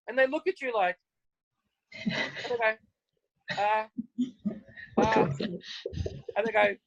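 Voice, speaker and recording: A man's voice: very high-pitched, measured pace, long pauses, dry recording, rough recording. An Australian man speaking on a video call, telling stories in an upbeat way and acting out conversations. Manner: upbeat, animated, acts out conversations. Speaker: guest speaker. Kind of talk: motivational storytelling on a video call.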